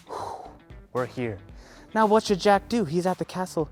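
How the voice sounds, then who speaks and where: A woman leading a children's yoga lesson through a story, animated and playful, gasping with excitement. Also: fairly low pitch, normal speed, soft background music. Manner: animated, playful, lots of gasps. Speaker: kids' yoga teacher.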